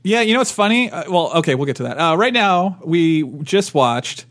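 A man's voice: high voice, very animated, moderate pace, a bit bright, no room sound, studio quality. A man co-hosting a podcast in casual chat, playful and teasing, often repeating words as he goes. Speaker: podcast co-host.

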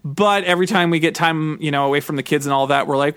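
A man in his thirties co-hosting a podcast, chatting excitedly and rambling with lots of fillers. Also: on the high side, a little fast, few pauses, dry recording. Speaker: podcast co-host. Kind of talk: casual chat.

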